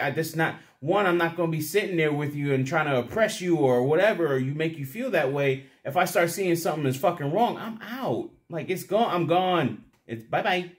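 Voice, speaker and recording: A man's voice: a little high, expressive, a little fast. A young man rambling casually to the camera, crude and profane, often laughing at his own stories. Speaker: vlogger.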